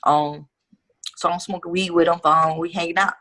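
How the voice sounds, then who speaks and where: A woman's voice: lowish voice, steady tone, normal speed, fairly bright tone. A young woman guest telling her life story in a casual interview, candid and profane with street slang.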